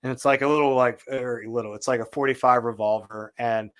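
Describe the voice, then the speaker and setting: A man as a podcast guest, telling a story in a casual, animated way and acting out what people said. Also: medium pitch, brisk, clean tone. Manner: animated storyteller, acts out quotes.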